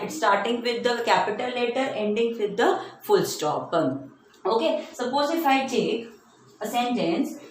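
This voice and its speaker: A woman teacher, explaining grammar to children slowly and deliberately, stretching out her example words. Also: on the high side. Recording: very echoey room, faint hum.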